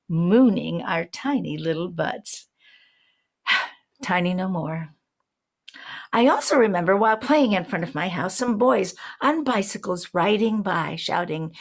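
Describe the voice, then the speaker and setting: Older woman telling a wry personal story. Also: medium pitch. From New Orleans, Louisiana. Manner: reflective, wry, slows for emphasis.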